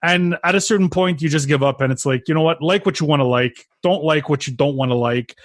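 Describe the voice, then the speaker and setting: A podcast guest, a man with a somewhat high voice, gives frank opinions at a quick clip. His voice sounds dry and close, with no room around it. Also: dry recording. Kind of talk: casual chat.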